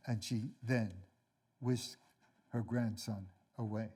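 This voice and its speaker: Slow, measured older man lecturing. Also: medium pitch, dark tone. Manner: measured, deliberate, wry. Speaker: lecturer, author. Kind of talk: read lecture and storytelling.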